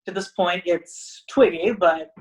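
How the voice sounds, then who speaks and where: A woman wrestler talking as a podcast guest in a casual, rambling way, full of "like" fillers, who acts out other people's lines in animated voices. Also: fairly low pitch, takes it slowly, rough recording.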